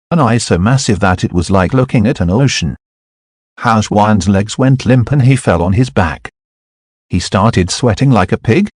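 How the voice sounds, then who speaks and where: Man, audiobook narration, low voice, dry close sound, steady. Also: no room sound.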